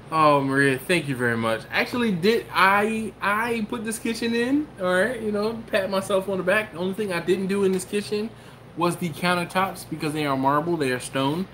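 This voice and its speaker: A man's voice: high-pitched, moderate pace, pushed and bright. A man with a somewhat raised voice hosts a casual live stream from his kitchen. He reads viewer comments aloud and jokes back at them in a loose, conversational way. A faint hum of noise sits under the voice. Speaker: host. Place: home kitchen.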